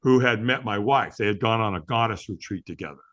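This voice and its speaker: As the guest in a casual interview, a middle-aged man who teaches firewalking talks a little fast in a voice on the low side. He tells stories with animation, acting out quotes and laughing frequently.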